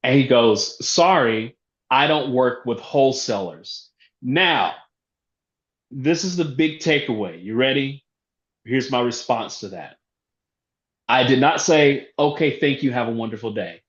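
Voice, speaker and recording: A man tells a lively story from the front of an event room, acting out both sides of a phone call and laughing now and then. His voice sits at an ordinary pitch and echoes around the room. The sound is a bit dull and lo-fi. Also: a little slow, pauses often. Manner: animated storyteller, acts out phone calls, laughs often. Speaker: real estate investor. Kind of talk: conference talk storytelling.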